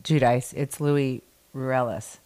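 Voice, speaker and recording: A woman's voice: fairly even intonation, takes it slowly, warm tone, no room sound. A woman co-hosting a casual daily chat show, gossiping and telling stories about friends. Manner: gossipy, breaks into high-pitched quoted voices. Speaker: co-host.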